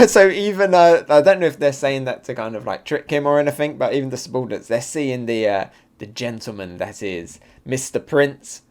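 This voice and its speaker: A man hosting a live comic reaction and review, excitable and thinking aloud with fillers. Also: medium pitch, a little fast, hardly any pauses. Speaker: manga reaction channel host.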